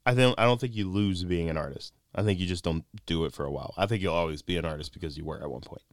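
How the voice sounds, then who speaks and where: Deep-voiced and fast-talking, a young man from North Carolina's mountains hosts a podcast, with no echo on the studio recording. His casual chat is full of jokes and storytelling in which he does quoted voices.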